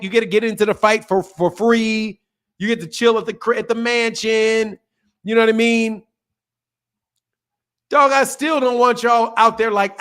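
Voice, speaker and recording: Man, high-pitched voice, boxing channel host, heated casual rant, profane, repetitive, blunt. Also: a bit bright.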